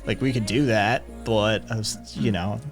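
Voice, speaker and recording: A man's voice: lowish voice, normal speed, faint music behind. A man hosting a live stream, chatting casually in a rambling, profane way. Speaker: streamer host.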